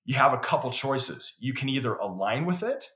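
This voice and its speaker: Speaking at normal speed, a man with a medium-pitched, sing-song, slightly bright voice shares stories as a podcast guest. His conversational storytelling is earnest, with repeated words building to each point, recorded with roomy echo.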